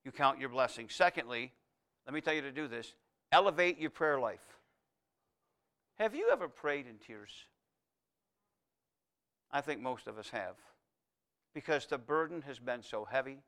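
A male pastor preaching a sermon. He builds emphatic repeated phrases, then drops to a soft, intimate tone. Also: mid-range voice, measured pace, long pauses. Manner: preaching with rising, emphatic repetition.

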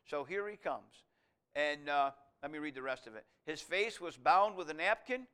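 Man, preacher, expository sermon, high-pitched, smooth resonant tone, emphatic swells. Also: lively intonation, moderate pace. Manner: expository Bible teaching, reads scripture aloud, swells loud on key lines.

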